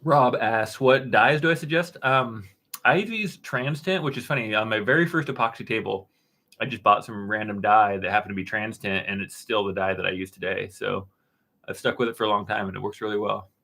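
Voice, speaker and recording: A man in his thirties, with a voice that sits somewhat low, answers viewers' questions on a live stream in a loose, unhurried way. He drifts between answers with fillers and restarts, chatting from his dark-painted studio room. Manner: relaxed, rambling, many fillers and restarts. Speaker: woodworking channel host answering live chat.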